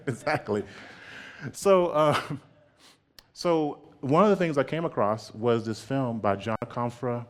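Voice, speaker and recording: Guy giving an artist talk, animated, laughs a lot, keeps saying right?. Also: mid-range voice, measured pace.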